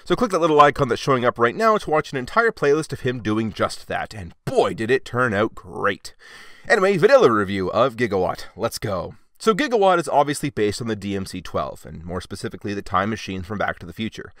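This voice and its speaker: A man's voice: lowish voice, big pitch swings, brisk, fairly bright tone, no room sound, clean studio sound. A man giving a casual, wry toy review with chatty, sarcastic asides.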